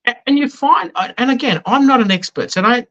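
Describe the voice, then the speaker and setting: A man's voice: very high-pitched, brisk, a bit bright, dull audio. An Australian man chatting in an interview, telling anecdotes in a self-deprecating way. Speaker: business guest. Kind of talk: casual conversational interview.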